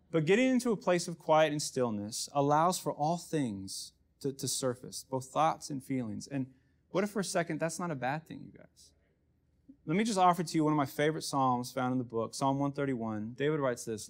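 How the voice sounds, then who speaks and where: A man preaching a sermon as pastor, conversational and self-deprecating, often dropping to a hush for emphasis. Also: medium pitch, lively intonation, fairly quick.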